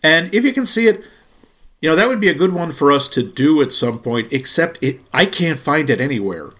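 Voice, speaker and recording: A man co-hosts a movie podcast, chatting casually and playfully. His voice sits a little high for a man. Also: expressive, fairly quick, a bit bright. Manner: playful, jokey. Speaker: podcast co-host.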